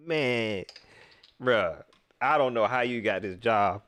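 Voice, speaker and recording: Animated, laughing male livestream host. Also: mid-range voice, slow pace, no echo. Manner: animated, laughing, mocking banter. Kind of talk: live reaction commentary.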